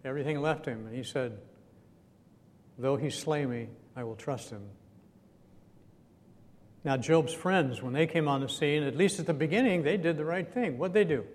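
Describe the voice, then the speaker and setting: A man giving a conversational sermon, chatty and chuckling, often asking his listeners questions. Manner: chatty, asks the audience questions, chuckles now and then. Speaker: preacher. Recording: echoey hall with faint rumble.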